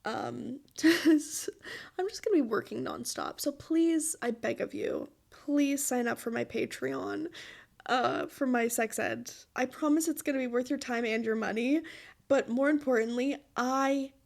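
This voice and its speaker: High-voiced woman, slow and emotional. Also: creaky. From Utah. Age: 20s. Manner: emotional, laughing through tears; pleading, earnest. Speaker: podcast host. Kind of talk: personal monologue.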